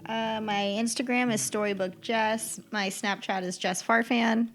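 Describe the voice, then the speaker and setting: A woman's voice: on the high side, fairly even intonation, a little slow, soft background music. Woman co-host giving brief replies. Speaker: podcast co-host. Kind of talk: casual podcast chat.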